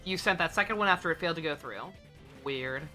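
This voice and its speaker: A woman's voice: sits low, animated, fast, sharp tone, soft background music. A woman streaming a game live, chatting casually in a rambling, profane way with lots of fillers. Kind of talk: casual live gameplay commentary.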